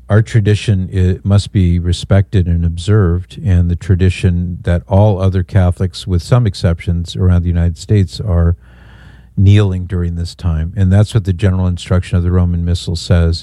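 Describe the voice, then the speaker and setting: A man hosting a call-in radio show, taking callers and explaining answers briskly with authority. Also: sits low, mellow, no echo, clean studio sound. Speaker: radio talk show host.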